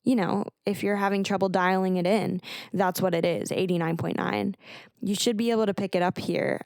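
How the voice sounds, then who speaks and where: A woman's voice: medium pitch, steady tone, brisk, vocal fry, a little mellow, no echo, studio quality, close to an everyday voice. A woman voicing a nervous teenage girl who stammers and rambles on. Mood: rambling. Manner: stammering, talks on when nervous.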